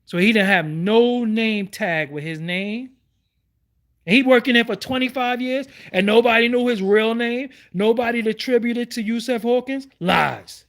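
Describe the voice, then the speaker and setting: A man's voice: very high-pitched, moderate pace. A middle-aged man, hosting his own online show and ranting to his viewers with heated, repeated rhetorical questions. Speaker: YouTube show host. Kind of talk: livestream rant.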